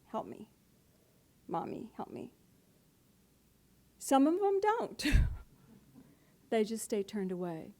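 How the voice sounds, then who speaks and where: A woman's voice: a little high, dark tone. A middle-aged woman, a spiritual teacher, giving a playful, conversational talk to a live audience and laughing often.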